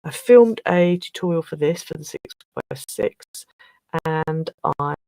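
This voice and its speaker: A woman hosting a craft livestream in casual chat, flustered and restarting her sentences, with a slightly rough throat. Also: low voice, takes it slowly, dark tone, no echo, poor audio. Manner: chatty, flustered, trailing off and restarting.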